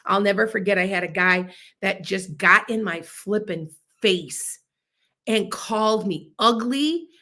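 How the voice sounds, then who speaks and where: A woman in her fifties hosting a podcast, talking in an animated, emphatic way and acting out bits of dialogue. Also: medium pitch, a little slow. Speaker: podcast host. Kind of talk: casual monologue podcast.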